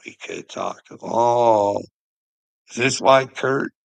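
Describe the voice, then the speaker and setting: A man's voice: mid-range voice, slow pace, gravelly, smooth, dry recording, rough recording. A man ranting on a livestream, preachy and taunting, swearing and mocking the person he addresses. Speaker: channel host. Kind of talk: confrontational livestream rant.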